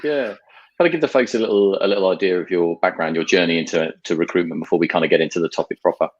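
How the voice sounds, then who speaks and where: A man co-hosting a casual video-call show, talking in fast, rambling runs full of fillers. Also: low voice, highs cut off. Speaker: co-host.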